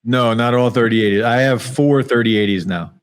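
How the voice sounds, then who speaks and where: A man's voice: medium pitch, a little fast, clean tone. Laid-back male podcast guest. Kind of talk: casual chat.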